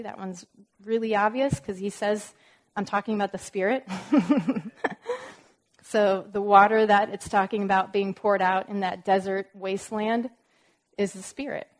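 A woman giving an informal Bible teaching, reading verses aloud with emphasis and explaining them with casual, conversational asides. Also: medium pitch. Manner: reads scripture aloud with emphasis.

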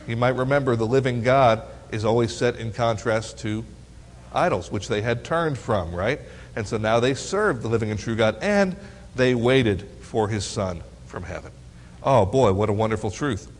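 A man's voice: mid-range voice, a little hiss or hum. Man preaching in a reverberant hall. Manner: asks the audience questions, teasing and lively. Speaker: preacher teaching teens. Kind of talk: Bible teaching sermon.

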